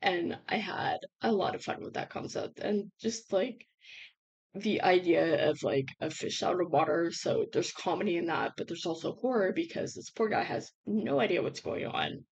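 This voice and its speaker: A woman reviewing a book in a casual vlog, bubbly and chatty with lots of fillers, her voice hoarse and giving out. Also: on the low side, expressive, moderate pace, darkish tone, highs cut off.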